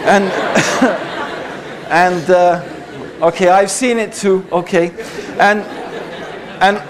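A man giving a public talk to a live audience, conversational and wry, often checking in with "okay?" and "right?". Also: high-pitched. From Britain. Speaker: speaker addressing an audience.

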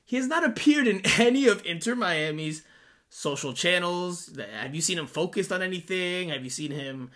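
A man co-hosting a sports podcast in casual chat, animated and sarcastic with sudden rises in his voice. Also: high-pitched, moderate pace. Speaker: podcast co-host.

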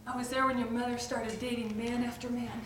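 A gentle, consoling Jesus, often hushed to a whisper, voiced by a woman preacher. The high voice rings in an echoey room, picked up from a distance with faint ambience behind. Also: flat delivery, a little fast, noisy background, natural voice. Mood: tender hushed.

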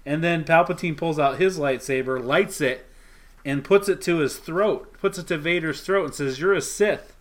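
A man's voice: fairly high pitch, moderate pace. A man co-hosting a podcast, casually retelling a comic scene by scene and quoting the characters' lines. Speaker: podcast co-host. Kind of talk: casual chat recapping a comic.

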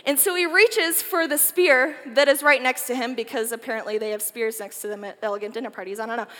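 A woman's voice: a little high, fast talker, long reverb tail. A woman giving a chatty, joking youth talk, retelling a Bible story casually. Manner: animated, chatty, jokey. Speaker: youth speaker.

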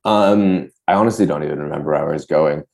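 A man's voice: a bass voice, quick pace, vocal fry, a little mellow. A young man co-hosting a podcast, talking in a hesitant, self-deprecating way with many fillers, his voice sometimes cracking upward. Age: young adult. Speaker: podcast co-host. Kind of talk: casual chat.

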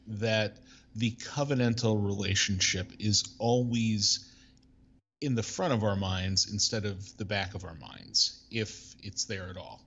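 A man co-hosting a pastors' podcast who reads scripture in a measured, deliberate way. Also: fairly low pitch, fairly bright tone, highs cut off. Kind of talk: podcast talk and scripture reading.

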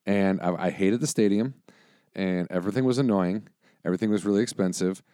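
A man with a fairly low voice tells rambling stories in casual chat, swearing freely and restarting his sentences. The sound is dry and close. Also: fairly quick, dark tone, no room sound. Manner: rambling, profane storytelling with restarts.

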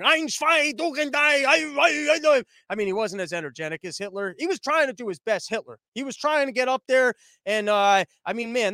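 Recorded in his living room, a man comedian who hosts daily briefings gives a casual, sarcastic, meandering monologue loaded with fillers. His voice is high-pitched and a bit bright, and the recording sounds dry.

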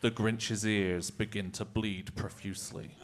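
A man's voice: lowish voice, flat delivery, measured pace. A man narrating stage directions in a live improv comedy show, often chuckling.

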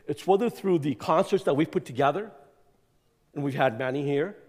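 A man giving an energetic, rambling address as guest speaker in a church, with lots of fillers and emphatic repeats. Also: on the high side, normal speed, slightly rough. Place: church sanctuary. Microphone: clip-on mic that keeps slipping. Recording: echoey church hall.

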